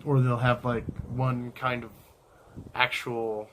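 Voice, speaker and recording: A man's voice: mid-range voice, little pitch movement, slow, a bit bright, a little hiss or hum. A man chatting casually to camera beside his partner, speaking in a dry, direct way with many fillers. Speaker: co-host, partner. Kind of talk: casual couple chat to camera.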